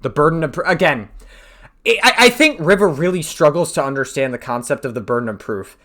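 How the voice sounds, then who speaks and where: A man's voice: fairly high pitch, lively intonation, brisk, fairly bright tone. A man arguing in a live online debate, exasperated and swearing as he presses his points.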